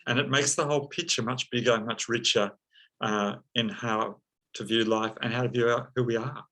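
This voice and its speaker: A man speaking as an interview guest, slow and reflective, with many pauses and fillers. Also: medium pitch, fairly even intonation, bright, forceful tone, low-quality recording. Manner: slow, thoughtful, many ums and uhs. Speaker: psychologist and counseling teacher, guest.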